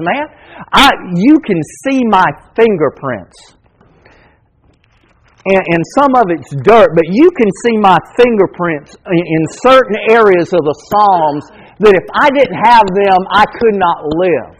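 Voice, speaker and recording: A middle-aged male pastor preaching a sermon, swinging between loud emphatic calls and quiet intimate asides. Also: high voice, lively intonation, a little slow, slight background noise, low-quality recording.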